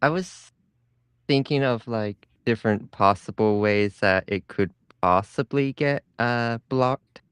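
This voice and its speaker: A man on a podcast, speaking hesitantly with many pauses in casual chat. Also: medium pitch, a bit bright, smooth, no room sound.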